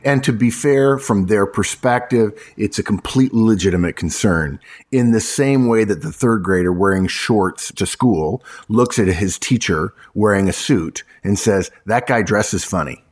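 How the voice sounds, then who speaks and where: Emphatic husky-voiced man. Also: on the low side, moderate pace, darkish tone. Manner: emphatic, punchy, repeats points for effect; addresses listeners as folks. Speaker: recruiter giving resume advice. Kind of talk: emphatic advice talk.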